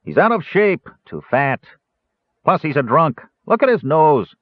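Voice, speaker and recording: A man voicing a gruff, scowling male dwarf who haggles stubbornly and talks in a dismissive growl. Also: a little high, sing-song, a little slow, no echo, pitched above the performer's own voice. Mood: scornful. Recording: narrow tinny phone-like audio.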